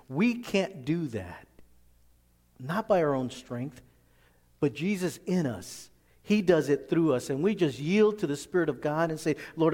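A man's voice: on the high side, a little mellow, long reverb tail. A man preaching a sermon as pastor, reading scripture aloud and explaining it in plain, earnest words.

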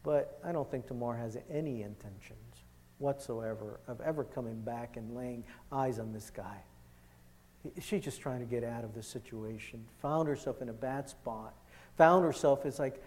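A man preaching a sermon, impassioned, swinging from loud emphasis to hushed urgency as he retells a scripture story. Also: medium pitch, normal speed, big-room sound, slight background noise.

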